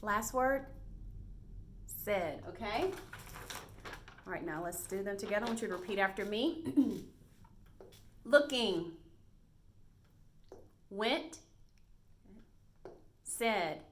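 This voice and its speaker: A woman teaching a first grade reading lesson to young children, speaking slowly and encouragingly and sounding out words clearly. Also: mid-range voice, animated, a little hiss or hum.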